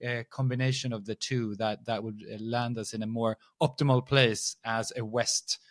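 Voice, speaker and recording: A man hosting a podcast, asking long questions with many halting restarts. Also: medium pitch, steady tone, a crowd in the background. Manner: halting, repeats words while asking questions. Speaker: podcast host. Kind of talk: interview questions.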